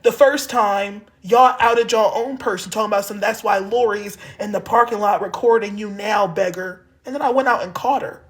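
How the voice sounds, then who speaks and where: Heated and cursing, a Harrisburg, Pennsylvania man vents into his phone on a live stream. He has a very high, slightly bright voice.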